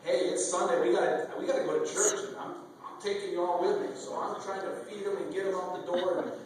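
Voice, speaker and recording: A man's voice: sits high, steady tone, fast, noisy background. A middle-aged man from Michigan doing stand-up, telling rambling family anecdotes full of restarts to a club audience. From Michigan, USA. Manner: rambling, self-interrupting anecdotes with many restarts. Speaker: stand-up comedian. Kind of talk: stand-up comedy storytelling. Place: comedy club stage. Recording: echoey club sound from a distant mic. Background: audience laughter and room ambience.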